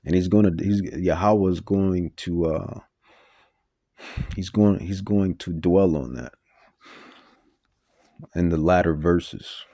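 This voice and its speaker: A man's voice: low-pitched, slow pace, pauses often, mellow, dry recording. A man preaching a Bible teaching sermon, emphatic and repetitive with stumbling restarts.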